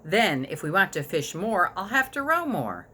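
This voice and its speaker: A patient, gently teasing father from a storybook, calmly explaining things to his son, as a woman reads his lines. The voice sits low and easy, with plenty of lift and fall. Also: normal speed, husky, heavily acted. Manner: calm, explaining, playful. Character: patient, teasing fisherman dad. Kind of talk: storybook read-aloud.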